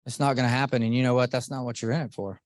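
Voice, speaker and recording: A middle-aged man giving an earnest, animated motivational talk to a live group, often asking the audience questions. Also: medium pitch, racing, no echo, studio quality. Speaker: motivational speaker.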